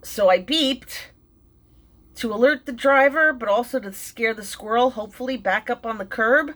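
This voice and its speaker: A middle-aged woman telling an emotional personal story, halting, with many fillers and restarts, and sounding tearful and shaken. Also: fairly high pitch, fairly bright tone. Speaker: vlogger and mindfulness teacher.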